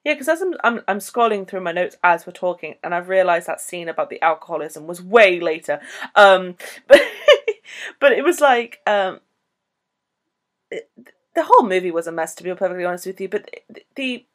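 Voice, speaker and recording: A woman's voice: on the low side, normal speed. Chatty woman podcaster. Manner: rambling, animated, laughs while talking. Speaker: podcast co-host. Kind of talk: casual film discussion.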